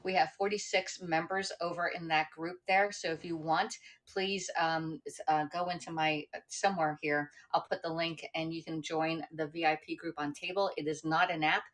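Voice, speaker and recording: A woman's voice: sits low, steady tone, moderate pace, hardly any pauses, fairly bright tone. Chatty rambling woman livestreaming. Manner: rambling, chatty, with many fillers and restarts. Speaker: livestream host. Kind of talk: casual livestream chat.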